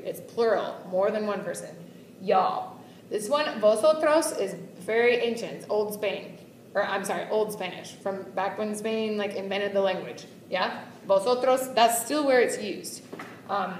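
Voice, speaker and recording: A woman's voice: fairly high pitch, slight background noise. A woman teaches a Spanish lesson at a whiteboard in a chatty manner, checking in with her class every few lines. She is heard from some distance in an echoey classroom. Faint room ambience sits under her voice. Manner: chatty, checks in often with okay and bien.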